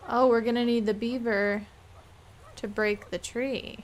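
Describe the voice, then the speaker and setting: A woman's voice: on the high side, steady tone, unhurried, a little hiss or hum. A young adult woman chatting playfully and musing aloud while streaming a game live.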